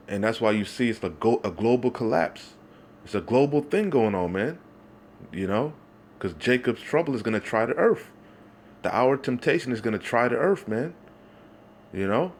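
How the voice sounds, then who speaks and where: A man's voice: lowish voice, lively intonation, normal speed, a little hiss or hum. A man preaching, reading Bible verses aloud and then commenting on them in a heated, denouncing way, again and again asking "you see?". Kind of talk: street-style scripture preaching.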